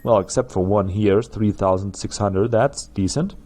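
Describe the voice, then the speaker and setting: A man's voice: lowish voice, normal speed, mellow. A man with a German accent, a native German speaker, chatting through gameplay commentary as a let's play host and laughing at his own jokes.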